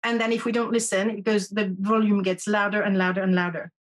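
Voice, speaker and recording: A woman's voice: mid-range voice, level tone, fairly quick. A woman who teaches intuition, a guest on a podcast, explaining her ideas earnestly with frequent restarts. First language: French. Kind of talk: conversational interview.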